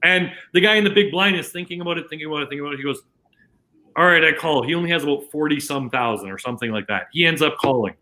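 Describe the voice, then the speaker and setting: A man's voice: fairly high pitch, racing, sharp tone, low-quality recording. A man from Canada who works as a casino dealer, telling a long anecdote in casual chat, full of restarts and quoted dialogue. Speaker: casino dealer, podcast guest.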